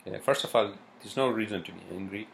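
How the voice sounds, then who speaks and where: Casting note: man, low and gravelly, swearing casual podcast host who rambles. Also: fast, a little hiss or hum. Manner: profane, meandering, lots of fillers. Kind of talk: rambling solo podcast monologue.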